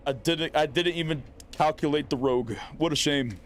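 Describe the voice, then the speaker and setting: A man with a fairly high voice speaks at a normal speed while streaming a live game. He chats casually and playfully taunts the enemy players he's fighting, giving live gameplay commentary.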